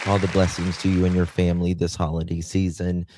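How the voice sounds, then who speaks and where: A man's voice: deep voice, completely flat delivery, a little fast, darkish tone, a faint crowd, slight background noise. A man hosting a casual livestream, thanking viewers one by one with affectionate endearments. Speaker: livestream host. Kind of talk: casual livestream chat, reading viewer comments.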